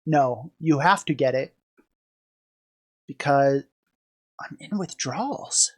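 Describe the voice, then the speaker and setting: A man's voice: a little high, expressive, slow pace. A sick, weak man talking in a casual vlog from indoors, out of breath, sighing and swearing as he rambles. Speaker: streamer vlogging about being sick. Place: indoors at someone else's house.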